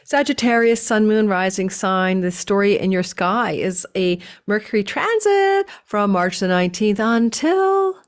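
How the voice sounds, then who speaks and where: A woman giving a casual astrology forecast, talking with a lively up-and-down cadence and chatty asides. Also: mid-range voice, unhurried, hardly any pauses.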